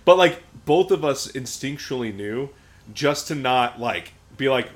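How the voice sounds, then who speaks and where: A man's voice: medium pitch, a little slow. A man co-hosting a podcast in casual chat, telling a story with energy and acting out the people in it with a raised voice. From Southern California. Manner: animated storyteller, acts out quotes in a raised voice. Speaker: podcast co-host.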